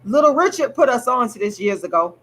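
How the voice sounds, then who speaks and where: A woman angrily ranting straight to camera as host of her own channel, swearing and repeating herself with drawn-out, emphatic words. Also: a little high, very animated, a bit bright, rough recording. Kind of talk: angry direct-to-camera rant.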